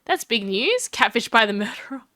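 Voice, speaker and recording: A woman's voice: on the high side, big pitch swings, normal speed, bright, forceful tone, no echo, clean studio sound. Puzzled earnest young lawyer guy, read by an aussie woman, asks lots of questions. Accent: Australian.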